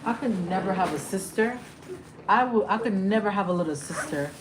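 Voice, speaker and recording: A young woman hosting a livestream, ranting heatedly and with lots of profanity, repeating lines for emphasis and dropping from loud outbursts to low muttering. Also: a little fast. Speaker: livestream host. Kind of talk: emotional livestream rant. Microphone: phone or webcam on a livestream. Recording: steady background noise.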